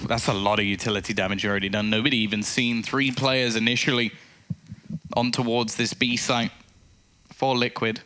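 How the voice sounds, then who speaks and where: A man giving live play-by-play commentary on an esports match, getting excitable on big plays. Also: medium pitch, normal speed.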